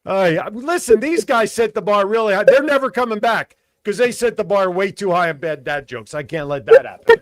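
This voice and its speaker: A man's voice: high-pitched, animated, fairly quick, hardly any pauses, dry recording. A man hosting a casual radio show, telling dad jokes and repeating each setup twice.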